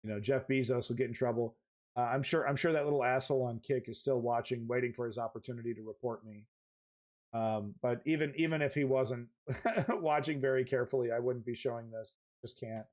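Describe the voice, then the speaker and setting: A man's voice: mid-range voice, darkish tone. A man hosting a live news stream, talking casually in a rambling, emphatic way full of restarts and the odd curse word.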